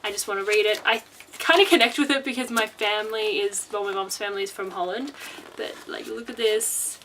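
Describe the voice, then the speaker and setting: A woman's voice: medium pitch, fairly quick, sharp tone, slight background noise, rough recording. A chatty, bubbly woman talking casually about books she plans to read, with restarts and laughs. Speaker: book vlogger. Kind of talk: casual book chat.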